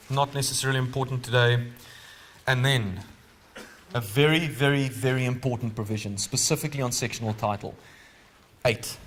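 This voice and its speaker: There's a slight hiss or hum in this recording of a South African man running a live legal training seminar. His pitch sits in an ordinary middle range, his manner is easy and conversational, and he regularly stops to quiz the audience.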